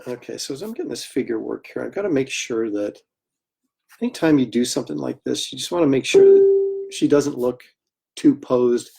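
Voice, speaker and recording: A man hosting a livestream, chatting casually and telling animated anecdotes with laughter while he draws. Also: medium pitch, brisk, vocal fry, slightly rough. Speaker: comic artist hosting a livestream. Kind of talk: casual storytelling while drawing.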